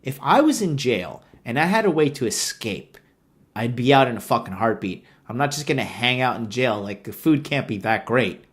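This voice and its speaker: A man's voice: medium pitch, very animated, normal speed. A man giving a sarcastic, profane rant of a movie review, retelling scenes with exasperation. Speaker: online commentator.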